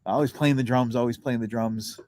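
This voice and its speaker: A man's voice: mid-range voice, fairly even intonation, fairly quick, a little mellow, a little hiss or hum. A man co-hosting a casual podcast, joking along and telling laid-back stories. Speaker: podcast co-host. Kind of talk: casual chat.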